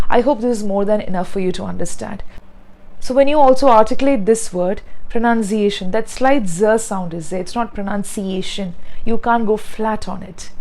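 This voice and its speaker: A woman teaching pronunciation, speaking slowly and deliberately and repeating words to demonstrate sounds. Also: fairly high pitch, a little mellow, low-quality recording. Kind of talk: pronunciation lesson.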